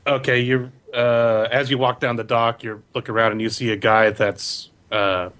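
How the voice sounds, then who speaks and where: A man's voice: medium pitch, level tone, normal speed, fairly bright tone. A man narrating a tabletop game as game master in a casual, loose way.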